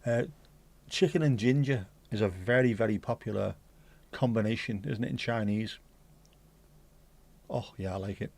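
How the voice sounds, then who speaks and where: A man with a lowish, slightly mellow voice full of vocal fry hosts a casual home livestream at a normal pace, leaving long pauses. He reads out viewer chat, responds to it, and curses now and then.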